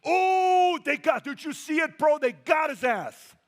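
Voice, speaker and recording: A man putting on the voices of players loudly mocking a fallen opponent. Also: very high voice, animated, measured pace, big-room sound, voice pushed up. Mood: gloating. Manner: loud, mocking trash talk. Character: jeering male players gloating over a downed rival.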